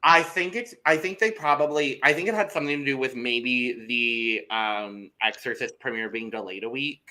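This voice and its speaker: Young man, podcast co-host, bright voice, loose and chatty, swears now and then. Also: mid-range voice, normal speed. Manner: chatty, swears, trails off into repeated words. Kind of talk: casual chat.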